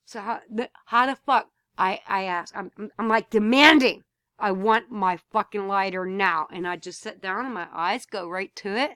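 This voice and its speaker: A vlogger speaks straight to her camera from home, telling a story loosely and bluntly in a mid-pitched, slightly bright voice at normal speed with hardly any pauses. She swears freely and repeats words when worked up, rising into emphatic outbursts. The sound is dry with no room echo.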